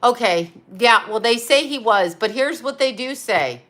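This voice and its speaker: A woman's voice: fairly high pitch, animated, measured pace, fairly bright tone. A middle-aged woman hosting a casual livestream, rambling, swearing and reading viewer comments aloud. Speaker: psychic channel host.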